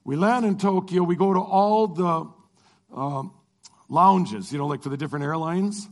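A man's voice: high-pitched, moderate pace. A middle-aged man, a Christian lecturer, telling a personal travel story and acting out the dialogue. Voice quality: animated, acts out dialogue. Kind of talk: storytelling testimony.

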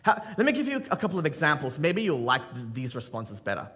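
A man's voice: fairly high pitch, wildly swooping pitch, fairly bright tone. A man pastor preaching a sermon, joking with the congregation and acting out Bible scenes and everyday skits. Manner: addresses the congregation with quick asides.

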